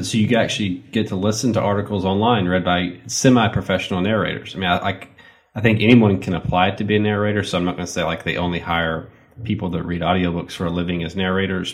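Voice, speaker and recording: A man with a Southern American accent, co-hosting a podcast in a relaxed, rambling way with many fillers. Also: deep voice. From Southern United States. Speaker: podcast co-host. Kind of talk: casual podcast chat with sponsor reads.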